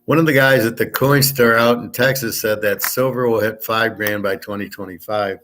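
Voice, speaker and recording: A man hosting a casual livestream, talking loud and clear on purpose, blunt and opinionated, rambling from one point to the next. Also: lowish voice, fairly even intonation, normal speed, slight background noise. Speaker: sports handicapping show host. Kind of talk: casual livestream chat with viewers.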